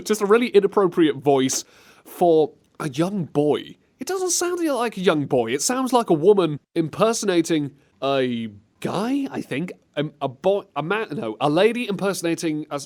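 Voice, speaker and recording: A man's voice: a little high, very animated, normal speed, a little mellow. A man hosting a comedic community radio show, playful and rambling, often giggling. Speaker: radio host.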